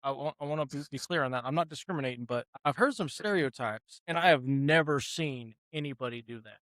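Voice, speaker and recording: A man's voice: medium pitch, a little fast, fairly bright tone, dry recording. Guy running a tabletop game, rambly and hesitant, medium voice, dry close sound. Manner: rambling, hesitant, lots of fillers. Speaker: game master.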